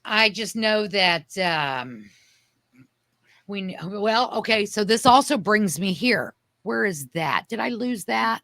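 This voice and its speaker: A woman's voice: medium pitch, animated, slow, sharp tone, dry recording. Emphatic woman co-hosting, dry sound. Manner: emphatic, searches for things mid-sentence. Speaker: podcast co-host. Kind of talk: casual chat.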